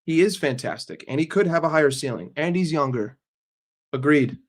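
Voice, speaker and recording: A man's voice: fairly high pitch, expressive. A man hosting a live stream who answers his chat casually, speaking bluntly, swearing often and joking. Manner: blunt and profane, answers chat with quick jokes. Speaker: livestream host.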